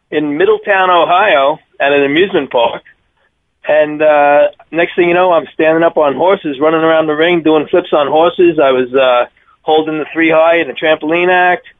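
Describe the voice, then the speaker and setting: A man in his fifties with a thick Long Island accent, telling his circus stories in an energetic, rambling way as a radio interview guest. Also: fairly high pitch, moderate pace, no echo. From Long Island, New York. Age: 50s. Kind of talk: phone interview. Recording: tinny phone line.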